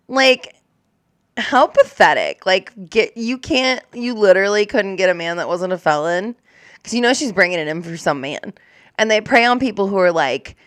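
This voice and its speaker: A woman's voice: on the low side, fairly bright tone, clear, resonant tone, no room sound, studio quality. A young woman who works as a corrections officer, reacting to news clips in casual, blunt, profane chat full of "like". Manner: blunt, profane, chatty with many likes.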